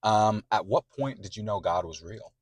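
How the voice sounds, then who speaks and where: A man with a very deep voice interviews a guest in a relaxed, casual way. He keeps his questions short and fills the gaps with soft murmurs. The recording is dry and close. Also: moderate pace, dry recording. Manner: brief questions and quiet murmured backchannels.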